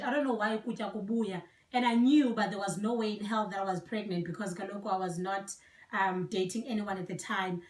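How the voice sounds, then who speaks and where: A young woman from South Africa speaks with a Xhosa accent, her voice a little high and set back from the mic. The room around her rings with echo. She talks in a soft, reflective, earnest way, mixing Xhosa into English. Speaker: vlogger. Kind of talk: personal storytelling, code-switching. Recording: echoey room, voice from a distance.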